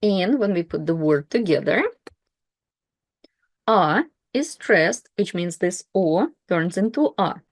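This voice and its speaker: Lady teacher sounding out words really slowly, says each one three times, dry sound. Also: lowish voice, expressive, no echo. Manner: spells letters out, repeats each word three times. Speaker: Russian language teacher. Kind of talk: slow pronunciation lesson.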